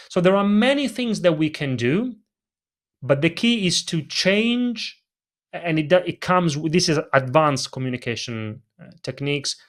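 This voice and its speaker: A man with a non-native English accent, a presentation coach answering interview questions on a video call and acting out vocal emphasis as he explains it. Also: a little high. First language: not English. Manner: animated, demonstrates vocal emphasis. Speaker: presentation coach, podcast guest.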